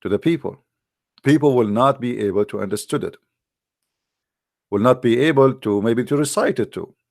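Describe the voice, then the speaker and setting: A man's voice: medium pitch, normal speed, creaky, a little mellow, no echo, studio quality. A man hosting a live stream, arguing emphatically and scornfully in non-native English, repeating words for effect. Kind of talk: argumentative commentary to a live chat.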